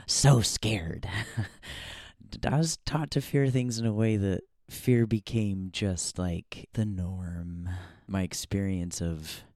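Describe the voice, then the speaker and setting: A man's voice: low-pitched, vocal fry, darkish tone, no echo, clean studio sound. A man hosting a podcast in a casual, reflective monologue, musing aloud with many fillers and frequent laughs. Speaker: podcast host.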